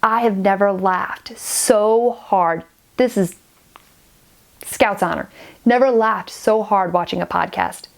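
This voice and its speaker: Forty-ish woman vlogger, sniffly, gushing chatty thank-yous, restarts a lot, mid pitch. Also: slow pace, vocal fry. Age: 40s. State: stuffy and sniffly. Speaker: knitting podcaster. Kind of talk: casual chat to camera.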